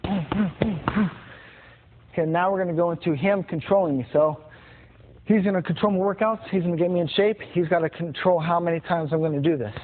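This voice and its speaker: A man's voice: sits high, a little fast. A man teaching boxing combinations, talking plainly and repeating punch sounds as he demonstrates. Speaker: boxing instructor. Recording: tinny phone-like sound with noise.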